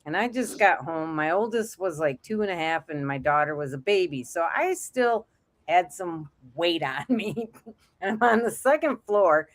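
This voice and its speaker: A woman's voice: on the low side, expressive, normal speed. A middle-aged woman co-hosting a casual chat show, telling stories and laughing often. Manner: chatty storyteller who laughs often. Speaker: co-host.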